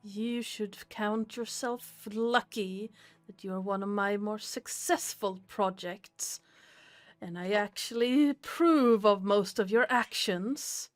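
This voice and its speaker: A woman's voice: medium pitch, slow pace, dry recording, soft background music, natural voice. A woman voicing a pompous, haughty goddess who scolds her mortal child like a disapproving mother. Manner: scolding, condescending.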